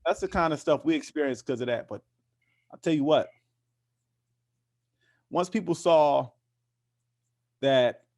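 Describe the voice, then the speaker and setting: A man's voice: a little high, measured pace, long pauses, darkish tone. Passionate man with many restarts. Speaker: interview guest, activist. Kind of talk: casual conversational interview.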